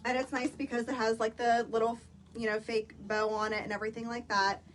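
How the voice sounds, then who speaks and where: A woman's voice: on the high side, little pitch movement, brisk. A woman chatting casually on a phone livestream, showing products to viewers with lots of filler words. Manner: chatty, filler-heavy, addresses viewers as "you guys". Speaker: social-selling vlogger. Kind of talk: casual live product demo. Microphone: phone, live stream.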